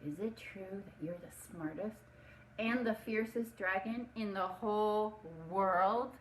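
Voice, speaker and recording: A clever, brave young princess from a children's storybook, played by a woman reading aloud. She speaks eagerly and brightly with a flattering lilt. The room echoes around her. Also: mid-range voice, slow, a little hiss or hum, close to an everyday voice.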